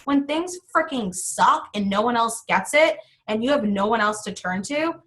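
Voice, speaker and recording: Bright-voiced woman, heartfelt and casual. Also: on the high side, expressive, moderate pace. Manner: heartfelt, casual, swears, often laughs. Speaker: founder and host of an online school. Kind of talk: live-streamed closing talk, reading viewer comments aloud.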